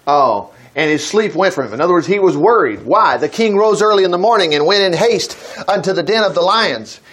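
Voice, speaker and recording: An older man leads a casual Bible teaching, reading verses aloud and stopping to comment. His voice sits high and swings widely in pitch. He talks in a relaxed, chatty way and then rises into emphatic bursts. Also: brisk, breathy edge. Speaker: preacher.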